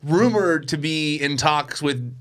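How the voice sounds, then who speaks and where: A man with a bright, slightly raised voice co-hosts a podcast in casual chat. He is chatty and inquisitive and laughs easily as he talks. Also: on the high side, animated, slow pace. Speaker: podcast co-host.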